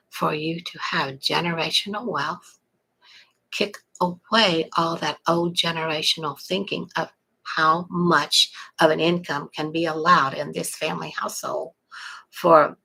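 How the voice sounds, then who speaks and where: Middle-aged texas lady on a livestream, kinda low voice, breathy, chatty and folksy. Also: sharp tone, poor audio. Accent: Texan. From South Texas. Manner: chatty, folksy, greets viewers. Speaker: online marketing promoter. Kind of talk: casual live-stream pitch.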